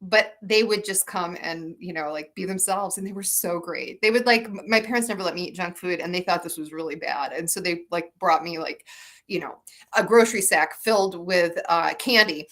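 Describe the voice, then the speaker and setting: A woman from Michigan chats through an interview as the guest author. Her voice sits fairly low but sounds bright and forceful. She rambles warmly through her stories, full of fillers and restarts. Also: normal speed. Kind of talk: casual interview storytelling.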